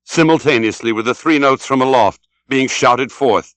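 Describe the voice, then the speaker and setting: A man reading an audiobook as scripted narration, dramatic and expressive. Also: mid-range voice, normal speed, no echo. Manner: dramatic, shouts out the sailors' cries.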